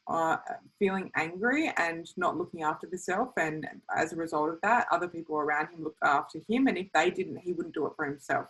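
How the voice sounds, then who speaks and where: A young adult woman coaching on self-healing, earnest and animated, talking in quick bursts and acting out little quotes. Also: lowish voice, poor audio. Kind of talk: teaching talk to camera.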